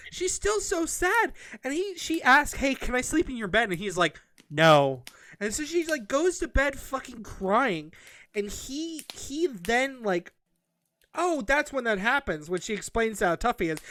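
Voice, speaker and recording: A man's voice: extremely high pitch, sharp tone. A man hosting a casual comedic book review, rambling and exasperated, swearing freely. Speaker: podcast host.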